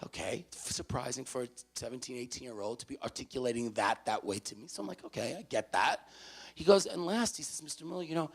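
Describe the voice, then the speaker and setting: Gravelly man telling a lively story. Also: mid-range voice, quick pace. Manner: animated anecdote, acts out both sides of conversations. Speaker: university student affairs staff speaker. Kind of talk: storytelling talk to parents. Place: university venue, in front of parents.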